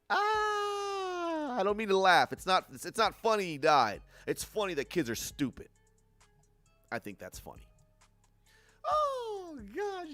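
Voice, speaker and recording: A young man hosting a livestream, reacting to news with profane, animated commentary and frequent laughs. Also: fairly high pitch, no echo. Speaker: livestream host. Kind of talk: casual commentary on news clips.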